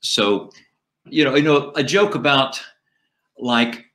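A middle-aged man, a comedian and ventriloquist, telling animated anecdotes in a casual interview. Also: medium pitch, takes it slowly.

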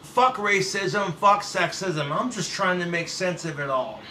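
A man's voice: sits high, moderate pace, pushed and bright. Profane, sarcastic man ranting in a roomy space. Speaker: YouTube commentator. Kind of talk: ranting reaction commentary. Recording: roomy echo, set back from the mic, faint hiss.

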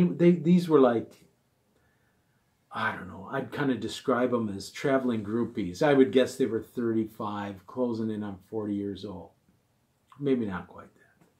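A middle-aged man tells a casual, rambling story about his band's early days, in a voice that sits at an ordinary middle pitch. He drifts through fond asides and quotes other people along the way. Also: darkish tone. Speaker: musician telling a gig story.

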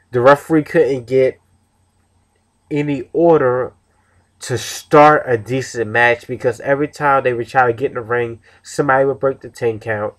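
Male reviewer, mid-pitched, loose and rambling, casual recap. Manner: rambling, many restarts and fillers. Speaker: wrestling show reviewer.

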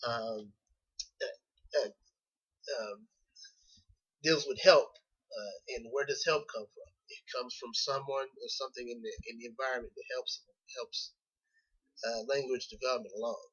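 A man talks through a class presentation, hesitating often and restarting his sentences. His voice is bright and forward. The recording sounds dull and lo-fi. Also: mid-range voice, measured pace, pauses often, breathy edge. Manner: hesitant, many fillers and restarts. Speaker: graduate student presenting.

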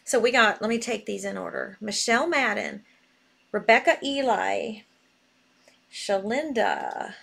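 A woman hosting a live jewelry sale stream, excitable and reading buyer names aloud as she types. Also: mid-range voice, a little slow, vocal fry.

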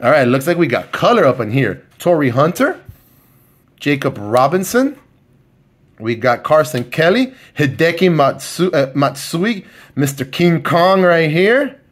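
A man giving casual, excited commentary as he opens trading card packs, calling out each card and talking to his viewers. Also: a little high, unhurried. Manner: excited, talks to viewers by name, lots of fillers. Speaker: card collector opening packs.

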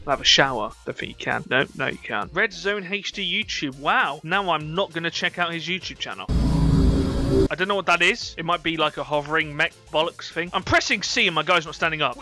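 A young man giving excitable, sweary gameplay commentary at his computer. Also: on the high side, fairly quick, faint music behind. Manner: excitable, sweary, easily startled. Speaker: gaming YouTuber.

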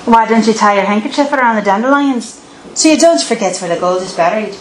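A woman's voice: a little high, animated, fast talker, a little hiss or hum, natural voice. A small male leprechaun who grumbles and wheezes, crafty and put out, as a woman reading a storybook puts him on. The voice sits in an echoey room. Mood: sly.

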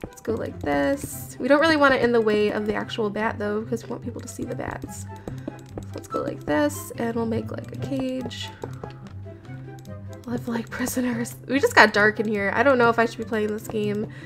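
A woman's voice: fairly high pitch, steady tone, normal speed, a bit bright. A woman commentating as she builds in a game, chatty, nervous and giggly as she talks to her viewers. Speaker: gamer. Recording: game audio with background music. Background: background music.

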